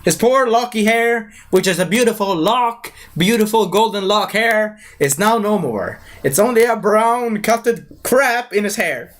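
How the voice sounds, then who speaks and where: A young man reviews a movie live in a loose, rambling, excitable way, full of fillers and broken grammar. His voice is high, his pace measured, and he rarely pauses.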